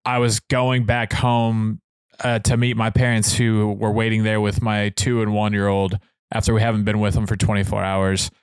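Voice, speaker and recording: A man in his thirties co-hosting a casual podcast, telling rambling stories that build into loud excitement. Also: lowish voice, moderate pace, clean tone, no room sound, clean studio sound. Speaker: podcast co-host. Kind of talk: casual chat.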